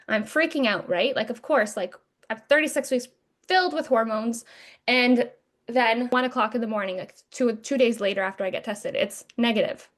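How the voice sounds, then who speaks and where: Young female podcast host, fairly high voice, candid and animated storyteller, swears casually. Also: normal speed. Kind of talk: emotional personal storytelling.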